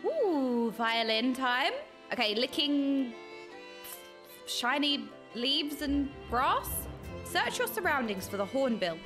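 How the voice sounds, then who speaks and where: A young adult woman streaming a game, excitably commenting and reading quest text aloud. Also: high voice, slow pace, music in the background. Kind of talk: live gameplay commentary.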